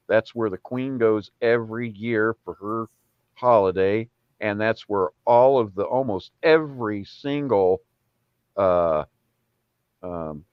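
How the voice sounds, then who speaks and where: A man's voice: on the low side, clear, resonant tone, no room sound, highs cut off. A man chatting casually on an online call, rambling through stories and laughing often. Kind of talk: casual chat.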